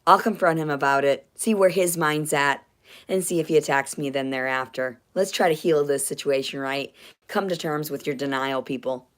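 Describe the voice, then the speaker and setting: A woman ranting angrily on a livestream in a dim house, swearing and agitated, with sudden loud outbursts into a phone. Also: low-pitched, normal speed. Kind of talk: angry livestream rant.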